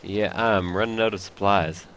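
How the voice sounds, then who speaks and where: A let's play host, a man whose first language is French, rambles and jokes at his own expense while commenting on a video game. His voice sits on the low side, steady and fairly bright, at a normal speed. There is slight background noise.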